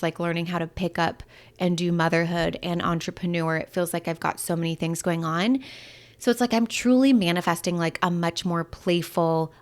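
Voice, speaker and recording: A woman in her thirties hosting a solo podcast, chatting in an upbeat, candid way with lots of fillers. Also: fairly low pitch. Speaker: podcast host and breakup coach. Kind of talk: casual solo podcast talk.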